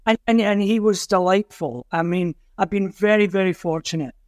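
An older man with a Glasgow Scottish accent, a musician guest telling anecdotes in an animated way and acting out the voices of the people in them. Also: high voice, moderate pace, no room sound, clean studio sound. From Scotland. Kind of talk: animated storytelling.

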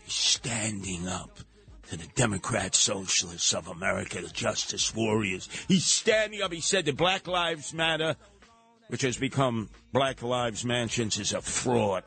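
A man's voice: medium pitch, normal speed, husky. A man hosting a talk radio show, delivering an opinionated monologue, mocking and mimicking other people. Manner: animated, mocking, mimics voices.

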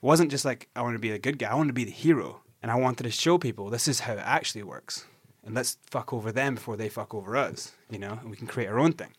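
A man's voice: mid-range voice, fast talker, husky, no echo, clean studio sound. A Scottish man in his forties, an interview guest telling his story candidly, swearing and restarting often. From Scotland. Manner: animated, swearing, many restarts.

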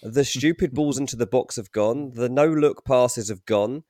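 Football pod pundit guy, thinks out loud, lots of ums, dry close mic. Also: medium pitch, normal speed, dry recording. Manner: analytical, hesitant, many ums and restarts. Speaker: podcast co-host, transfer pundit. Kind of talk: casual football podcast chat.

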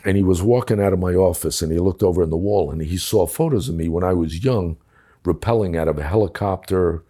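A man's voice: sits low, a little fast, warm tone. An older man telling a war story from his police days, blunt and profane, acting out the dialogue. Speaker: former police commissioner. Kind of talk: casual storytelling.

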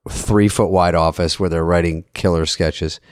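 A man's voice: deep voice, steady tone, moderate pace, a little mellow, smooth, dry recording, clean studio sound. A man chatting casually and telling wry comic anecdotes. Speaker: comedian guest. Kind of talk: casual chat.

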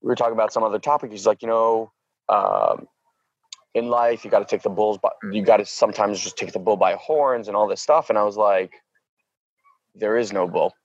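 A man in his thirties telling a story in a casual chat, animated, acting out quoted voices and saying "like" constantly. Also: on the low side, fairly quick, dry recording, dull audio. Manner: filler-heavy, says "like" a lot.

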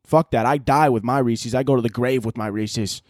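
A young man hosting a casual solo podcast, telling stories in a profane, laughing, animated way. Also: medium pitch, normal speed, no echo, clean studio sound. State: out of breath. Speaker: podcast host.

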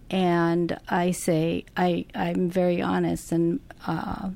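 A middle-aged woman, a hospice nurse, answering interview questions in a slow, gentle, thoughtful way with many restarts. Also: on the low side, flat delivery, no room sound.

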